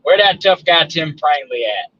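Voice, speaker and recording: A man's voice: fairly high pitch, sing-song, normal speed, dull audio. A man with a Southern accent calling in to a live sports show, talking in a folksy, teasing drawl. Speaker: caller. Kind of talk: casual call-in banter.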